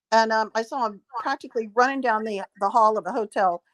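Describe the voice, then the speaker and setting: A woman with a slightly high voice recounts an anecdote as an interview guest, chatty and animated. She acts out the other people's lines as she goes. Her story is broken up by frequent throat clearing. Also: normal speed. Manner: lively retelling, acting out quoted dialogue. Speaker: psychic guest.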